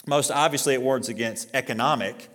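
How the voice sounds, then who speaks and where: A middle-aged male pastor preaching a sermon in a relaxed, conversational way, with fillers and restarts, and rising in force when he reads scripture aloud. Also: medium pitch, fairly quick. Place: church sanctuary. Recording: long reverb of a church hall.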